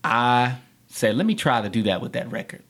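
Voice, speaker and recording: Animated man telling his story. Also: mid-range voice, moderate pace. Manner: animated, acts out quoted voices, laughs often. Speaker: podcast guest. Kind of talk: casual storytelling interview.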